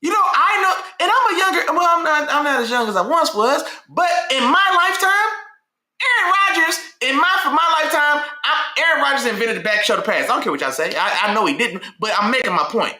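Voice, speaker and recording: A man hosting a casual sports talk show, speaking in a slangy, animated way and repeating himself when worked up. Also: extremely high pitch, fairly quick, reverberant. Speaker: sports podcast host.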